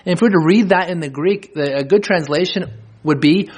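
A man preaching an expository sermon, reading verses slowly and then explaining them with rhetorical questions. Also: a little high, husky.

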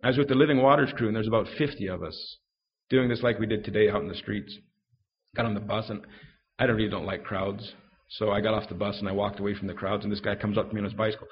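A man giving a fast, story-driven live talk on defending the faith, acting out the voices in his anecdotes. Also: on the low side, gravelly, muffled recording, slight background noise. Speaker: Christian speaker.

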